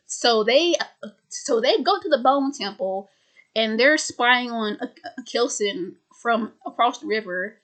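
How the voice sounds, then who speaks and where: A woman's voice: a little high, unhurried, a bit bright. A woman who stutters, repeating words and restarting sentences as she casually explains a film's plot. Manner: loose and chatty, heavy use of "like". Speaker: video host recapping a film.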